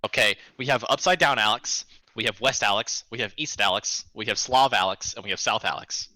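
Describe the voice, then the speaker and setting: Man, bright tense voice, casual gaming chat, rambling storyteller. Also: fairly low pitch, no echo, poor audio. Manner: ranting storyteller, brisk. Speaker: streamer and unit leader.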